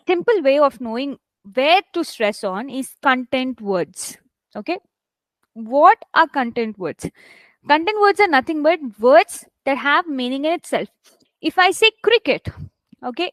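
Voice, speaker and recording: A woman's voice: sits high, dry recording. A woman teaching an online English class. She gives examples, stresses words hard to show how it works, and often checks in with "right?". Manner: stresses words heavily to demonstrate. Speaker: English test instructor.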